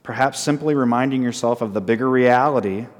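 A man preaching a sermon as pastor, often asking the congregation questions and repeating short phrases slowly for emphasis. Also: mid-range voice, big-room sound. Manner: asks the congregation frequent call-and-response questions.

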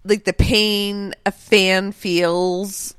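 A middle-aged woman co-hosting a podcast, chatting in an animated, emphatic way. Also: medium pitch, extremely slow, smooth, no echo. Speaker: podcast co-host. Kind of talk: casual chat.

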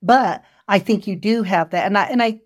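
A woman's voice: mid-range voice, moderate pace. A woman hosting an interview, chatting and telling anecdotes in a conversational way. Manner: chatty, storytelling, conversational asides. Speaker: interview host. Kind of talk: casual interview chat.

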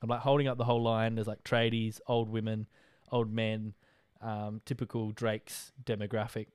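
A man's voice: on the low side, flat delivery, moderate pace, a little mellow, clean tone, dry recording. A young Australian man hosting a podcast, a tired, rambling and chatty talker full of filler words. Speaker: podcast host. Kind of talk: casual monologue update.

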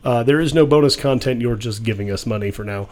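A man's voice: medium pitch, quick pace, slight background noise. A man co-hosting a podcast, chatting casually and teasing his guests with jokes. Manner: joking, teasing, animated. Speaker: podcast co-host. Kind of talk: casual chat.

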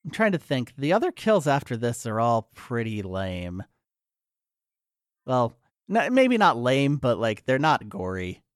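A man's voice: mid-range voice, huge pitch swings, measured pace, no room sound. A man recaps a movie for a podcast, talking casually in a mid-range voice and piling on fillers and false starts. The sound is close and dry, with no room around it. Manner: recounts scenes with fillers and restarts. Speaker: podcast co-host.

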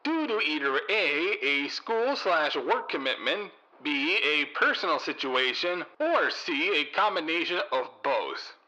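A man, the podcast host, reading a brief notice in a matter-of-fact way. His voice is sharp and bright. His pitch moves a lot. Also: lively intonation, a little slow, few pauses, low-quality recording. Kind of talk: recorded announcement.

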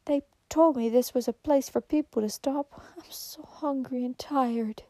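A woman reading a storybook, voicing an exhausted, frightened young woman who begs for shelter in a pleading, breathy half-whisper. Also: high-pitched, slow, warm tone, no echo, voice pushed up. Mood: faint whisper.

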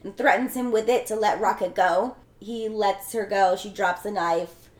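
A woman's voice: medium pitch, moderate pace. A young woman casually retelling a film plot as a podcast co-host, chatty and full of fillers. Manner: chatty, filler-heavy storytelling. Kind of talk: casual film recap chat. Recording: roomy echo.

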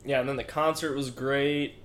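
A man's voice: mid-range voice, fairly even intonation, moderate pace, a bit bright, echoey room, slight background noise. A young man co-hosting a podcast, telling stories in a laid-back, swearing way and laughing often. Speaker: podcast co-host. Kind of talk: casual chat.

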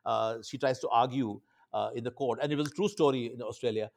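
A man telling stories with enthusiasm in casual chat, with many halting restarts and fillers. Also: mid-range voice, vocal fry.

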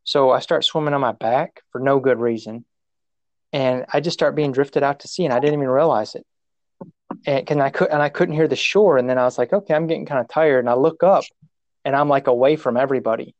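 A man's voice: medium pitch, fairly quick, no echo, highs cut off. A man telling a personal story in casual conversation, rambling and self-mocking, restarting his sentences and laughing at himself.

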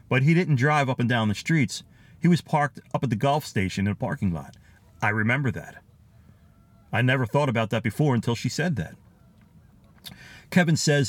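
A middle-aged podcast host with a Philadelphia accent, sharing old neighborhood memories in an easy, chatty way. He chuckles often and reads listener notes aloud. His voice sits at an ordinary pitch and is recorded close and dry. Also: no room sound. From Philadelphia area, USA. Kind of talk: casual storytelling, reading out listener comments.

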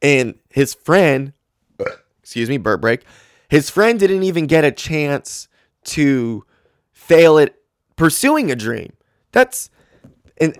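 A man's voice: medium pitch, smooth, no room sound. A man hosting a solo podcast, ranting and rambling candidly into a close mic. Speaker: podcast host. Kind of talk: casual solo podcast rant.

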